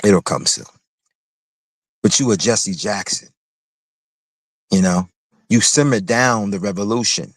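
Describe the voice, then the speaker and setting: This livestream host has a low-pitched voice and an unhurried delivery, pausing often during a heated commentary rant. He mocks and confronts, repeating phrases, and the audio is dry and close with no sense of the room.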